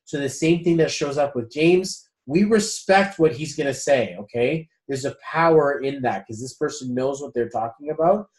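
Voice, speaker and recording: A man's voice: medium pitch, moderate pace, hardly any pauses. A man leading a spiritual group session in a loose, chatty way, swearing casually and calling the group guys. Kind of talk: casual group coaching talk.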